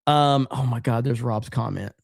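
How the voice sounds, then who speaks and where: A man's voice: mid-range voice, moderate pace, creaky, no room sound, studio quality. A man hosting a livestream, casually reading viewer comments aloud in a loose, profane, rambling way full of fillers. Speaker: livestream host.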